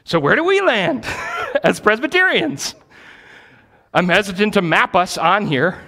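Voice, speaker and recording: A man's voice: high voice, expressive, unhurried, long pauses, sharp tone. A male pastor giving a teaching sermon in a church. He speaks emphatically and repeats key phrases for stress.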